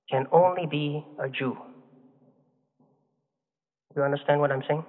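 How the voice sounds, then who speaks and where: High-voiced preacher in echoing hall. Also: male voice, animated. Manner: measured, emphatic teaching with rhetorical questions. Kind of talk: sermon. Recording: phone-like, long hall reverb.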